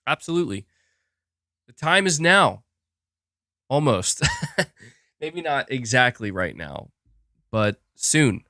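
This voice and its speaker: A young man hosting a casual gaming podcast, rambling excitably with restarts and laughs as he reads viewer messages. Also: medium pitch, takes it slowly, long pauses, dry recording, clean studio sound. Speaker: podcast host reading super chats. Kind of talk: casual live-stream chat.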